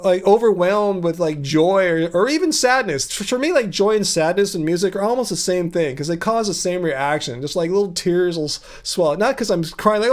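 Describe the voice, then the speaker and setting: A man's voice: high-pitched, expressive, fairly quick, few pauses. A man hosting a casual livestream, answering viewer comments in a chatty, earnest way, thinking aloud with frequent restarts. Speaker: livestream host.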